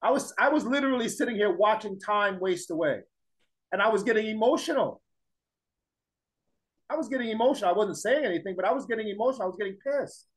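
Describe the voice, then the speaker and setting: High-voiced man lecturing a class. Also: expressive, quick pace, low-quality recording. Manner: emphatic, repeats points, fires rhetorical questions at the class. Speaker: teacher.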